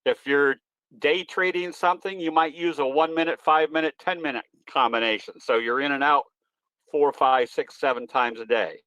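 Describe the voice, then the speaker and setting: A man's voice: on the high side, fairly even intonation, normal speed, pushed and bright, clear, resonant tone, no echo, poor audio. A man presenting at an online trading webinar, answering questions in a folksy, easygoing, rambling way. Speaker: guest presenter, trading educator. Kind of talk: webinar Q&A, explaining.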